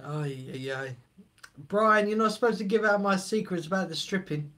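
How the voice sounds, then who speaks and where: A man's voice: sits high, normal speed, fairly bright tone. A middle-aged man, hosting a live stream and chatting casually while reading the chat aloud.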